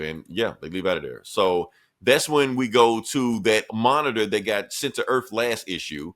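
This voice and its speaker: A man's voice: fairly low pitch, expressive, moderate pace, few pauses, fairly bright tone. A man hosting a podcast, recapping a comic in a laid-back, profane way and laughing often. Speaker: podcast host. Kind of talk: casual comic book recap.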